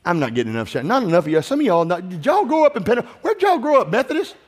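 A man preaches in a high, bright register, exhorting his congregation and calling for them to answer him. He moves between scripture and personal stories. His voice carries a long reverb from the large church sanctuary. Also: big pitch swings, fast talker, slightly rough. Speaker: pastor. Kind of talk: sermon.

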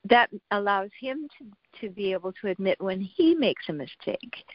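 Woman, psychologist guest, measured and thoughtful, lo-fi dry recording. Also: mid-range voice, lively intonation, no room sound. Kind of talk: conversational interview. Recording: dull lo-fi dry sound.

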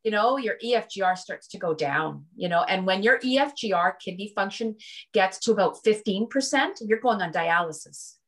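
A woman's voice: mid-range voice, expressive, normal speed, a bit bright. A woman talking as a guest in a casual interview, chatty and often checking in with "right?" and "you know".

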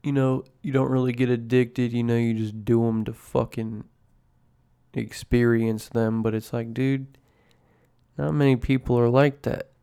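A man's voice: mid-range voice, flat delivery, measured pace, mellow, clean tone. A man hosting a casual podcast chat, rambling in a laid-back way and swearing constantly over his coffee. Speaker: podcast host. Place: at home drinking coffee.

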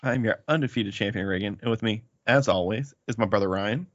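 A man's voice: lowish voice, a little fast, no room sound, dull audio. A man hosting a casual movie podcast, joking and boasting playfully with his brothers. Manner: playful, boastful banter with laughs. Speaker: podcast host.

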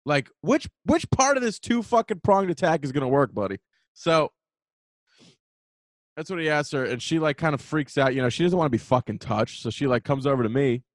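A male podcast host telling a story in a fired-up, swearing rant. His voice sits at an ordinary middle pitch and sounds dry and close, with no room echo. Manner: heated, profane storytelling rant. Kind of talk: casual ranting monologue. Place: New York.

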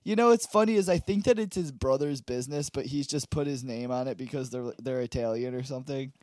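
A man's voice: mid-range voice, brisk, darkish tone, dry recording. A young man co-hosting a comedy podcast, crude and rambling, laughing through casual banter. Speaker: podcast co-host.

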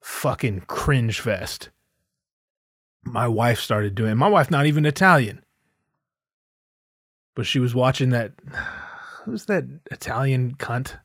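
A man's voice: mid-range voice, expressive, takes it slowly, long pauses, a bit bright, no room sound, studio quality. A man hosting a podcast, delivering a sarcastic, profane comedic rant. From United States. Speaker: podcast host.

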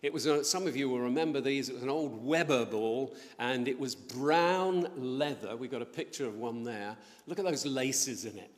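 A middle-aged man preaches from the front of a church, with his voice trailing off into a long reverb. He tells the story with plenty of energy and acts out the voices of the people in it. His pitch sits in an ordinary middle range. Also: moderate pace, few pauses. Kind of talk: sermon. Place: church building.

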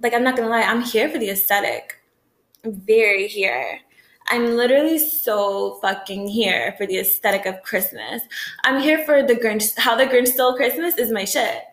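A young woman from the American South talking in a profane, rambling, animated way in a casual vlog rant. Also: a little high, normal speed, echoey room. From Southern United States. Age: young adult.

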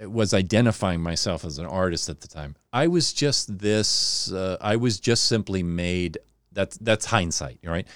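A man's voice: low-pitched, lively intonation, unhurried, a bit bright, clean tone, no echo, clean studio sound. A man in his fifties from Southern California with a Californian accent and a slight Southern twang, telling stories in casual conversation and rambling with restarts. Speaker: podcast guest.

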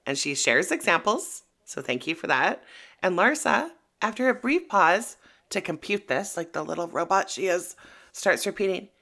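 A woman co-hosting a casual gossip podcast, sarcastic and animated. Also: fairly low pitch, moderate pace, creaky. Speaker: podcast co-host.

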